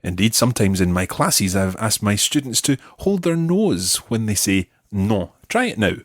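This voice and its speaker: Husky-voiced man teaching at a patient pace. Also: lowish voice, sing-song, dry recording. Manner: patient, explanatory, models words slowly for repetition. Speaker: language teacher and host. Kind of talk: scripted audio language lesson.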